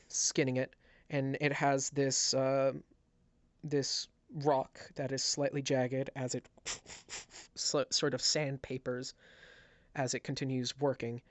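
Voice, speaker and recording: A man narrating as game master, describing scenes with halting restarts. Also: medium pitch, no room sound. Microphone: headset.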